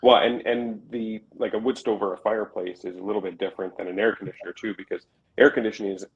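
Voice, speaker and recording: Low-voiced man chatting on a podcast. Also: steady tone, fast, muffled recording. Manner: conversational, explains with everyday examples. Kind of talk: casual chat.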